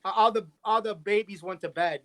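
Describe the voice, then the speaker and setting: A man's voice: high-pitched, brisk, fairly bright tone, a little hiss or hum. A man calling in over a video call for a casual chat, telling joking stories with lots of restarts. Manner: joking, rambling storyteller with many restarts. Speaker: guest friend calling in.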